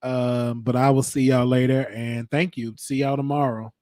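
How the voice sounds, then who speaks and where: A man hosting a casual live-stream chat, animated and joking with frequent laughter, his voice worn from talking. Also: medium pitch, normal speed, no echo, studio quality. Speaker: show host.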